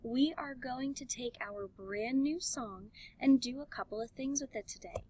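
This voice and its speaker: A woman music teacher giving an elementary music lesson, talking slowly and clearly and encouraging the class. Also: high voice, darkish tone, poor audio. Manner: slow, clear, encouraging teacher talk with sung and chanted examples.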